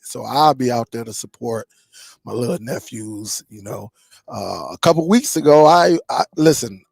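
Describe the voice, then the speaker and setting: Gravelly laid-back man. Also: medium pitch, darkish tone, no room sound, clean studio sound. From Michigan. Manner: laid-back, greets viewers by name, slangy. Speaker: streaming channel host. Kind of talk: casual live-stream chat.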